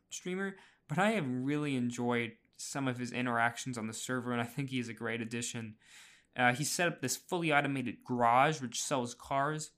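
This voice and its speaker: A man's voice: mid-range voice, fairly bright tone. A man hosting a casual podcast recap, chatty, with frequent fillers, restarts and small laughs. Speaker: podcast host.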